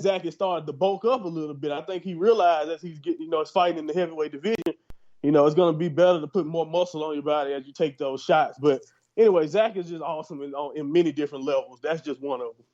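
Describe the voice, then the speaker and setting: A fairly high-voiced American man chats loosely on a podcast and keeps restarting his sentences while his thoughts catch up. The audio is dull and lo-fi. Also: fast. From United States. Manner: animated, rambling with many restarts. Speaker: podcast co-host. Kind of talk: casual chat.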